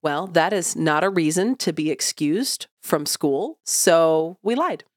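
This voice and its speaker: A woman's voice: sits low, lively intonation, slow pace, dry recording, clean studio sound. A middle-aged woman co-hosting a parenting podcast, speaking frankly and reflectively in casual chat.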